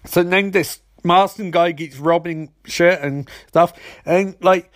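A man's voice: sits high, fairly even intonation, slow pace, no room sound, clean studio sound. A man casually recapping a TV episode with rambling, sarcastic asides.

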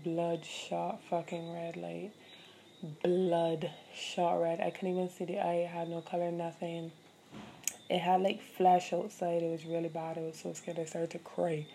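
Gravelly and mellow, with a lowish pitch, a young adult woman's voice narrates a story on her solo podcast. She talks candidly, swears, and uses many fillers, over a little hiss or hum.

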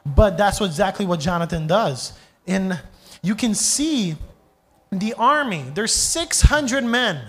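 A young adult pastor preaches a sermon in a lively storytelling style, putting questions to the congregation and acting out voices. His voice is high-pitched and he speaks slowly.

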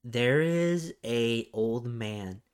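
A man's voice: medium pitch, animated, very slow, clear, resonant tone. A young man co-hosting a podcast, telling a long rambling story with lots of swearing. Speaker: podcast co-host. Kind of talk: casual chat.

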